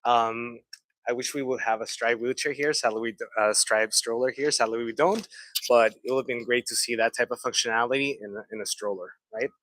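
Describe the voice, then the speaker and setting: A man's voice: mid-range voice, fairly even intonation, fairly quick, a bit bright, no room sound, low-quality recording. A man presenting pediatric mobility products to a training group in a fluent, explanatory way. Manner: fluent, explanatory, lightly conversational. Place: training room.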